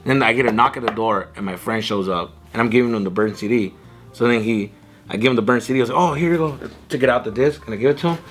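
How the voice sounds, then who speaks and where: A young man telling loud, animated stories among friends, swearing freely and mimicking his dad. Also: medium pitch, racing, soft background music. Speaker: guest. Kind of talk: casual storytelling among friends.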